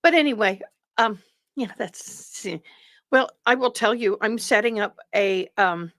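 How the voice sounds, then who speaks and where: Hosting a livestream while tired, a woman rambles through casual chat with her viewers. She speaks at a measured pace in a mid-range, slightly bright voice, and the clean studio sound carries no room sound.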